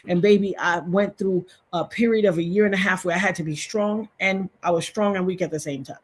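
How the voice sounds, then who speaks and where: A woman's voice: lowish voice, brisk, breathy edge. A woman in her fifties hosting a casual livestream, telling a personal story in an emotional, repetitive way and talking straight to her viewers. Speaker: livestream host.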